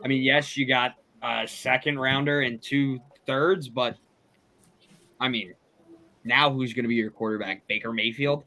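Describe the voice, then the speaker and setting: Casting: male guest, crisp bright tone, matter-of-fact sports opinions. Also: mid-range voice, fairly even intonation, measured pace. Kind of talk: casual podcast chat.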